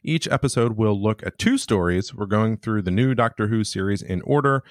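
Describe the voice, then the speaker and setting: A man's voice: on the low side, lively intonation, normal speed, no room sound, studio quality. A man co-hosting a podcast in casual chat, joking and teasing with mock-angry banter. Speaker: podcast co-host.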